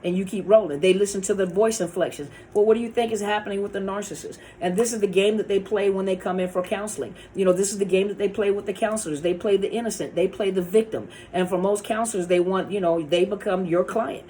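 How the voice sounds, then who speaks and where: A woman's voice: mid-range voice, steady tone, fast talker, few pauses, dark tone, slight background noise. A woman counselor talking casually about narcissist abuse, often repeating and restarting her words. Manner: conversational, repeats words and restarts, acts out quoted lines. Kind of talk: casual talk to camera.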